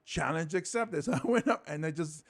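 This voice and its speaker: A man's voice: a little high, quick pace. A man from Hawaii, a stand-up comic, telling stories in a casual interview and acting out quotes in voices. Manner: animated, acts out quotes in voices.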